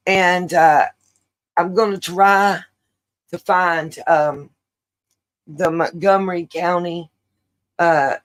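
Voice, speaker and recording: A woman's voice: sits low, poor audio. A middle-aged woman, hosting a casual livestream and rambling chattily with many fillers. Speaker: livestream host.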